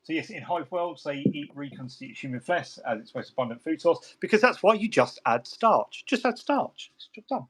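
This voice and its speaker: A man's voice: fairly high pitch, lively intonation, a little fast, hardly any pauses, fairly bright tone. A man hosting a hobby chat, rambling and joking with lots of restarts and asides as he works at his desk. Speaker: hobby stream host. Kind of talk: casual chat while model painting.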